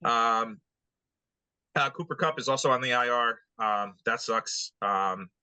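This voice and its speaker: A man with a bright, forceful voice runs through the week's scores in loose podcast banter, cursing freely and stalling on ums and uhs. The sound is dry and close to the mic. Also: mid-range voice, measured pace, smooth, no room sound, low-quality recording. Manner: relaxed, swears often, many ums and uhs. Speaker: podcast co-host recapping games. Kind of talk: casual sports podcast banter.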